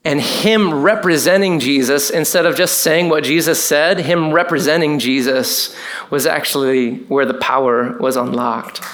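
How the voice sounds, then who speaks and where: Man, pastor, conversational sermon, animated asides. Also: a little high, measured pace, slight background noise.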